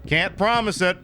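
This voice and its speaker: A streamer host with a high-pitched voice and vocal fry rambles casually while playing a game, over a little hiss or hum. He's animated and drops into quick impressions.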